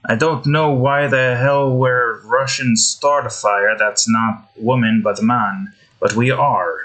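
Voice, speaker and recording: A man's voice: mid-range voice, fairly even intonation, slow, fairly bright tone. A man giving rambling gameplay commentary while building in a game, interrupting himself often and swearing. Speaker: game content creator. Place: indoors.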